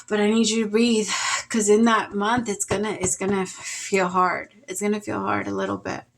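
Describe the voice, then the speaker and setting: Woman tarot reader, casual and heartfelt, rambling delivery with sighs, mid-pitched voice. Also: little pitch movement, normal speed, vocal fry. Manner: emotional, rambling, with sighs and laughs. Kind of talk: casual spoken tarot reading.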